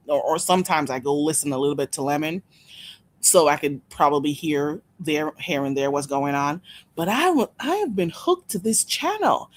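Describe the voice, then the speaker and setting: A woman hosting a casual live stream, chatting with her viewers, gossiping and laughing often. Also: deep voice.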